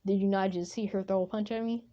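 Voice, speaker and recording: Woman doing a calm, cocky ninja boy. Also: medium pitch, quick pace, lo-fi sound, close to an everyday voice. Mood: calm threat.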